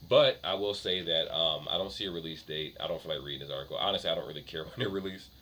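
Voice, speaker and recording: A man's voice: sits low, quick pace, sharp tone, a little hiss or hum. A man talking casually in a tech vlog, chatty and offhand, often correcting himself. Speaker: tech vlogger.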